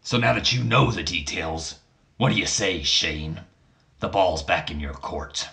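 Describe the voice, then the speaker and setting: A man voicing a smug, scheming older male company boss, speaking slowly and deliberately in a low voice as he acts out dialogue in a wrestling game playthrough. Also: animated, creaky, pushed and bright, exaggerated voice.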